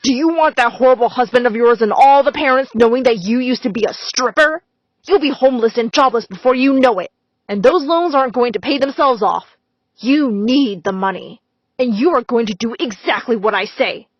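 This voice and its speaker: A woman's voice: on the high side, normal speed, dry recording, lightly acted. A woman voicing a threatening middle-aged male school principal who snaps and gives orders. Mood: menacing. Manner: threatening, snapping, cold. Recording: slightly dull, dry recording.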